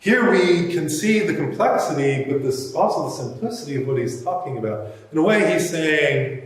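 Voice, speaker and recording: A man giving a reflective sermon, musing aloud with pauses. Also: fairly high pitch, lively intonation. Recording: echoey hall, mic far off.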